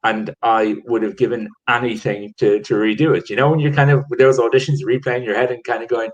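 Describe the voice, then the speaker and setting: A man's voice: medium pitch, steady tone, fairly quick, hardly any pauses, dull audio. A man from Ireland, a theatre producer, telling stories in a casual video-call chat with many restarts. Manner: rambling, many restarts and fillers.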